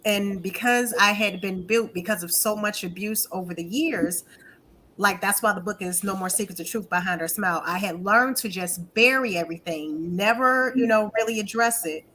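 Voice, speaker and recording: A woman's voice: medium pitch, normal speed, bright, forceful tone, slight background noise. A woman speaking as a guest panelist, giving emphatic personal testimony that repeats its key phrases for effect.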